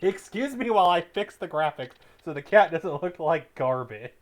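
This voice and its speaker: A man giving live gameplay commentary as a streamer, chatting with viewers at a desk mic and breaking into loud, excited yelling. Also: a little high, normal speed. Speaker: game streamer.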